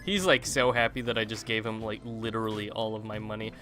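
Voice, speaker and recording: A man's voice: on the low side, fairly even intonation, brisk, bright, forceful tone. A man giving rambling, chatty commentary while playing a video game. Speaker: let's play host. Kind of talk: live gameplay commentary. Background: game music and gunfire.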